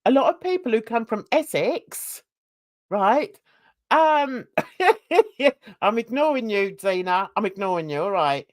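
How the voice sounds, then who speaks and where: A woman's voice: on the high side, lively intonation, slow pace, no echo. An older woman from London, hosting a casual, opinionated and rambling chat. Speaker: host.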